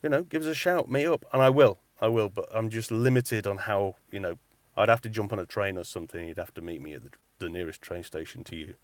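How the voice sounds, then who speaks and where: A man's voice: low-pitched, a little fast, dry recording. A man chatting casually on a live stream, reading out comments in a cupboard he uses as a recording booth. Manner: chatty and animated, repeats himself. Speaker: metal-detecting vlogger and voice artist.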